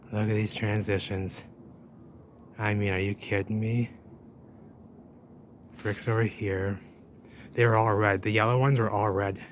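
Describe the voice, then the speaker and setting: A man narrating as he walks through an old drained canal, talking excitedly to the camera. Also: fairly low pitch. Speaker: urban explorer vlogger. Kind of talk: handheld walking commentary. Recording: noisy outdoor ambience.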